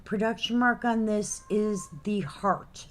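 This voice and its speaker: A woman hosting a live figurine sale in casual chat, reading out item names and numbers slowly and clearly. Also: mid-range voice, steady tone, a little hiss or hum.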